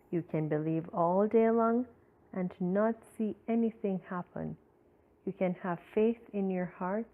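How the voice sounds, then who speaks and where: Slow, low-voiced woman reading aloud. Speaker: reader. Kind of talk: reading an inspirational book aloud. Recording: tinny phone-like recording.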